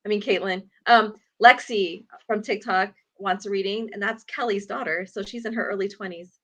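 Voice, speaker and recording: A woman's voice: mid-range voice, steady tone, moderate pace. A woman hosting a livestream, reading viewer questions aloud and reacting with enthusiasm. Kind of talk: livestream chat.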